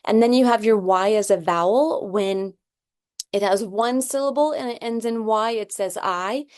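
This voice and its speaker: A woman's voice: medium pitch, normal speed, darkish tone. A woman teaching reading, explaining a phonics assessment and sounding out example words one by one, often checking in with "okay?".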